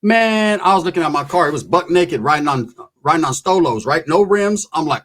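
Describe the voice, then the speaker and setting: A middle-aged man tells a long, loose story packed with slang and profanity. His voice sits a little higher than most men's, and he keeps checking in with his listeners as he goes. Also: expressive, a little fast, a bit bright. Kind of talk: casual storytelling.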